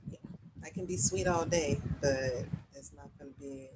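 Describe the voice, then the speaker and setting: A woman's voice: low-pitched, normal speed. A woman chatting candidly and freely on a casual live stream at home while she paints. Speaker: livestreamer. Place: indoors at home. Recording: loud background noise.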